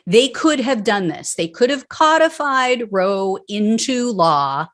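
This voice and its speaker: A woman's voice: on the high side, lively intonation, slow pace, a bit bright. A woman hosting her own political commentary show, ranting angrily and bluntly with plenty of profanity. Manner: mocking impressions of politicians. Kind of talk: solo political commentary rant.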